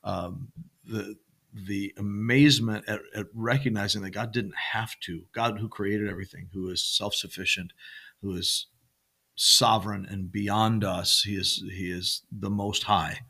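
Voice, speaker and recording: A man's voice: fairly low pitch, steady tone, unhurried, vocal fry, bright, forceful tone, slightly rough. A man co-hosting a church podcast, talking casually and rambling through sermon themes with many fillers and restarts.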